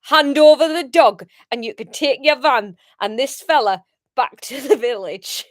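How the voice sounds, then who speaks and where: A woman voicing a menacing bald man with a put-on Geordie accent, making gruff threats. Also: high-pitched, unhurried, dry recording, studio quality.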